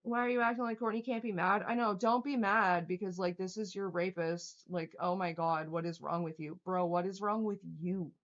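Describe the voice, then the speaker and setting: A woman's voice: medium pitch, steady tone, normal speed, few pauses. Young woman streamer going off at chat, swearing a ton, sarcastic, kinda dull lo-fi audio. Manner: profane, heated, sarcastic. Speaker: livestreamer. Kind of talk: angry livestream rant reading chat.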